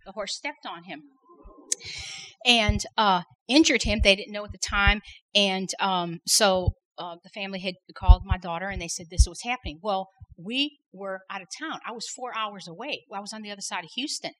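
A woman's voice: medium pitch, normal speed, sharp tone, low-quality recording. A middle-aged woman sharing a faith testimony at a women's workshop, earnest and repeating words for emphasis. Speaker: women's conference workshop speaker.

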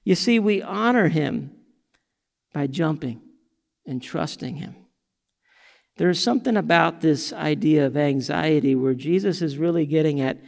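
A man delivers a sermon from the pulpit, animated and acting out the lines he quotes. His voice sits high with a gravelly rasp, and a long church-hall reverb trails behind every phrase. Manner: animated, sings song lines and acts out quotes. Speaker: pastor.

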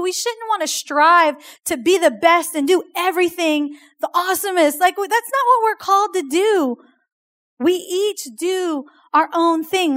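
Woman, preaching, very high voice, casual storytelling. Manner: animated storytelling, chatty with "like" and "oh my gosh". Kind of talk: sermon.

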